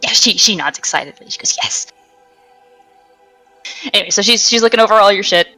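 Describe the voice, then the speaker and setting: A woman's voice: mid-range voice, very fast, bright, forceful tone, soft background music. A woman narrating a tabletop game as game master, chatty and loose, with many ums and restarts.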